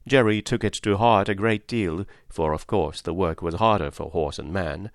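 A man narrating a classic story in a measured, plain way. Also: low-pitched, no echo, clean studio sound. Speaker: audiobook narrator. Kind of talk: scripted narration.

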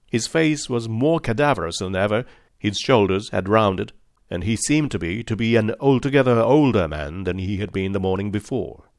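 Low-voiced man reading an audiobook. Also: no room sound, studio quality. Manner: measured, formal. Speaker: narrator. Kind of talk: scripted audiobook narration.

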